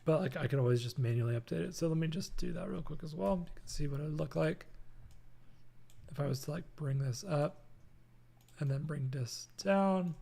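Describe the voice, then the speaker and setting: A man's voice: on the high side, moderate pace, creaky, mellow. A young man hosting a casual live-streamed design tutorial from his apartment, talking loosely with many fillers and reading chat messages aloud. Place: home apartment.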